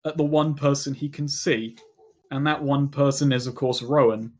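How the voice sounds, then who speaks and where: A man's voice: mid-range voice, fairly even intonation, moderate pace, darkish tone. Casual male game master, rambling, narrates a tabletop session.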